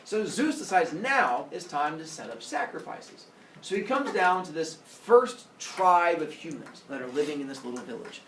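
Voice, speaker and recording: Brief: jokey, animated male teacher; roomy classroom with faint background hum. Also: on the high side, normal speed. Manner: jokey, animated, teasing the students. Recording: echoey classroom.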